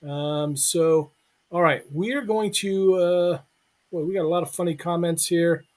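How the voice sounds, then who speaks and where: A man's voice: fairly high pitch, steady tone, a little slow, a little mellow. A man hosting a live online show, joking with co-hosts and reading a guest introduction. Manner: joking, reads intro aloud. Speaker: show host.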